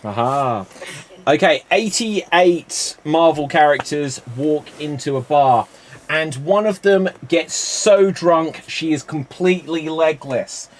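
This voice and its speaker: A man hosting a live improv comedy stream, telling quick joke setups and calling on players by name with easy chuckles. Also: on the high side, lively intonation. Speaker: improv show host.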